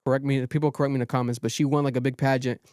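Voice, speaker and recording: A man hosting a podcast, recapping a reality show in animated casual chat and swearing freely. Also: medium pitch, racing, clear, resonant tone. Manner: animated storytelling, swears freely, quotes people in raised voices. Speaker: podcast host.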